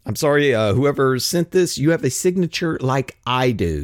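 Animated man hosting a solo podcast. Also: medium pitch, normal speed, dry recording, studio quality. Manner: rambling, with frequent restarts and chuckles. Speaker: podcast host. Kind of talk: casual solo podcast monologue, reading listener mail.

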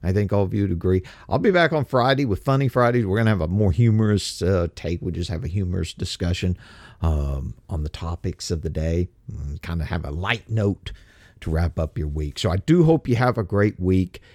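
A talk show host, a man with a slightly mellow voice and no echo, delivers an impassioned, indignant, mocking monologue. It climbs to heated, emphatic peaks, then drops low and slow.

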